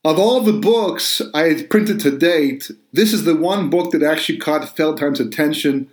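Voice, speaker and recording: A man's voice: on the high side, normal speed, echoey room. Earnest man talking about his books. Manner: earnest, explanatory storytelling. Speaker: author.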